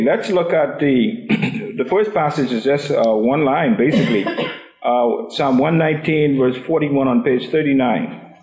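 A man's voice: medium pitch, a little mellow, reverberant, low-quality recording. A man leading a Bible study class, asking the group questions and often repeating his words.

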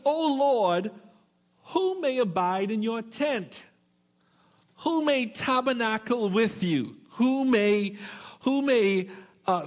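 A middle-aged man preaching a sermon in a church, stretching out his questions for emphasis and slipping in joking asides to the congregation. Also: sits high. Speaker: pastor.

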